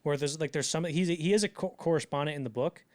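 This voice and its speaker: A young man co-hosting a podcast in casual chat, talking animatedly and jumping into loud acted-out quotes. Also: on the high side, quick pace. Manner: animated, acts out quotes in bursts, many fillers. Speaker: podcast co-host.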